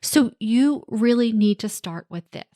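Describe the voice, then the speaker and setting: A woman's voice: on the high side, expressive, unhurried, dark tone, no echo, clean studio sound. A woman hosting a parenting podcast, speaking as a coach in a reassuring, direct way and now and then acting out what kids and parents say. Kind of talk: solo podcast talk.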